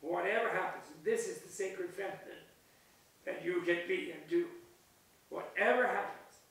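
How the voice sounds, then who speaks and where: A man's voice: high voice, normal speed, fairly bright tone. An older man giving an informal, digressive Buddhist talk at a retreat, chatty and laughing at his own jokes. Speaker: Buddhist teacher leading a retreat session. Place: retreat hall. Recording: echoey hall recorded from a distance, faint hiss.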